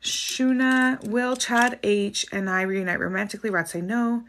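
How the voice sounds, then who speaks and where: A Canadian woman reading viewer questions on a livestream and giving quick answers, with soft apologetic asides. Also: mid-range voice, fairly even intonation, slight background noise. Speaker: spiritual reader doing live dowsing rod answers.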